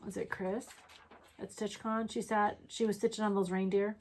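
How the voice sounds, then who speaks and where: A woman's voice: medium pitch, level tone, normal speed. A woman co-hosting a casual crafting chat, talking in a rambling way with restarts. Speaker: co-host.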